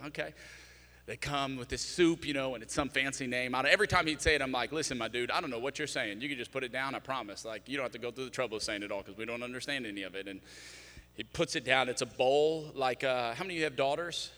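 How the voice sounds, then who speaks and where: A man preaching a sermon, telling a comic story with lively, animated delivery. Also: mid-range voice, fast talker, long reverb tail. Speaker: pastor. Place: large church hall.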